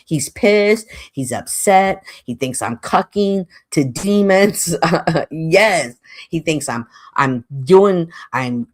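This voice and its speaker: A woman hosting a casual livestream monologue, talking in an expressive, animated way and laughing often. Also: vocal fry. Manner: animated, expressive, laughs often, mimics others in high voices. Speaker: livestream host.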